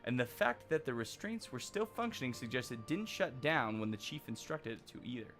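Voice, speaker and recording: Man doing a rough, hammy engineer. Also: mid-range voice, lively intonation, fairly quick, a bit bright, a little hiss or hum, lightly acted. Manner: broad mock working-class accent, hammed up.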